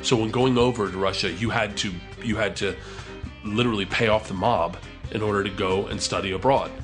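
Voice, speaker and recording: A man in his thirties telling a comic story, animated and profane, acting out the voices of the people in it. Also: lowish voice, a little fast, over music. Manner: animated, profane, acts out quotes.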